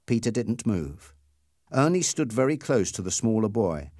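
A man's voice: lowish voice, very animated, darkish tone, no echo, studio quality. A man reading a story aloud as narrator, in scripted storybook narration. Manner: slow, clearly paced reading.

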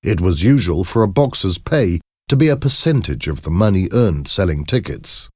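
A man reading a scripted historical narration in an even, measured delivery. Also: sits low, husky, no echo, clean studio sound.

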